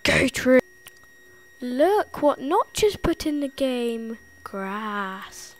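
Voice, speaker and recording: A woman's voice: on the high side, big pitch swings, drawn-out words. Lisping woman, jumpy game commentary. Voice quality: lisp. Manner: jumpy, easily spooked, giggly. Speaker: gameplay tutorial host. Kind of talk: playful gameplay commentary.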